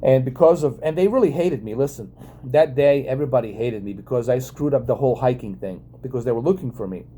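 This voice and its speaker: Casual vlogger man, dark mellow tone, excitable and profane storytelling. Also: medium pitch, fast talker. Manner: excitable, profane, many fillers and restarts.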